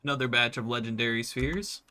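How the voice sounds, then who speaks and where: A man giving relaxed, rambling commentary over his gameplay, with many fillers. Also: medium pitch, a little fast, slight background noise. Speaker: gaming YouTuber.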